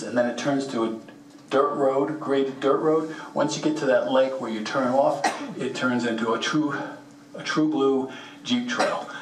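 A man talks through a slide presentation in a plainspoken, folksy way, speaking straight to the audience. His voice sits at an ordinary middle pitch. The room is echoey, and he stands well back from the microphone. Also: recorded from a distance. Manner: plainspoken, folksy, gives practical advice directly. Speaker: presenter at a mineral show. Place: meeting room at a rock and mineral show.

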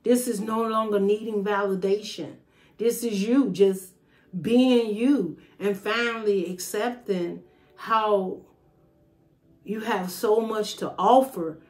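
A woman's voice: medium pitch, takes it slowly, darkish tone. Woman giving a rambling tarot reading. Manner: rambling, intuitive, thinks aloud with fillers. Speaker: tarot reader. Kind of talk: casual spiritual reading.

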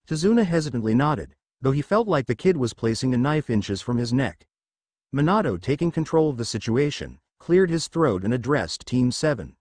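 A man narrating a fanfiction story in a steady storytelling read. His pitch moves around a lot, and the recording is dry and close with no room sound. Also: moderate pace, no room sound.

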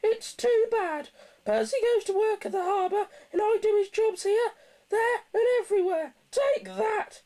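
A man voicing a vain, whiny young male steam engine in a storybook reading, with a high complaining whine. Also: big pitch swings, normal speed, a little mellow. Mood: grumbling.

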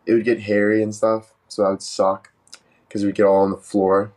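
A man casually telling a joking story on a live stream, animated and swearing freely. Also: lowish voice, fairly quick.

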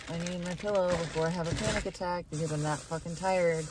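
A woman's voice: on the low side, fairly even intonation, quick pace, few pauses. A young woman live-streaming by her car, exhausted, rambling and swearing heavily as she talks to her viewers. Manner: heavy swearing, rambling and restarting. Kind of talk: casual live-stream chat. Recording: distant phone mic, loud background noise.

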